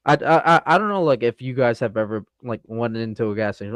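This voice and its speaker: A man with a New England accent, co-hosting a fishing podcast and telling a story in casual chat, animated, with many stammered restarts. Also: medium pitch, fast, no echo, muffled recording. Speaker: podcast co-host.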